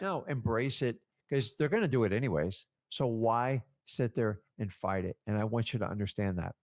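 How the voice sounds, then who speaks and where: A man's voice: medium pitch, moderate pace, few pauses. A man giving a casual coaching talk as a real estate trainer, acting out conversations with sellers. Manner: animated, acts out seller conversations.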